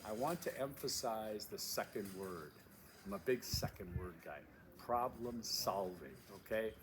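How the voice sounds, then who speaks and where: A man teaching from outdoors, his voice sitting a little low as he repeats and stresses his key points between fillers. Steady wind rushes across the mic the whole time, plainly audible under his speech. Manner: emphatic, repeats key phrases, many fillers. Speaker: course instructor. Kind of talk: casual video course introduction. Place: outdoors at a windy canyon overlook.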